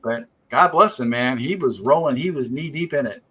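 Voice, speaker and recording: A man's voice: medium pitch, moderate pace, a loud crowd, low-quality recording. A man hosting a drawing stream, telling a rambling story with casual swearing. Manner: rambling, profane, animated. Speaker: stream host.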